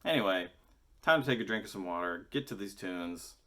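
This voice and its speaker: Low-voiced rambling man chatting casually. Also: lively intonation, fairly quick, fairly bright tone. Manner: rambling, jokey, swears casually. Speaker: musician vlogger. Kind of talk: casual rambling chat to camera.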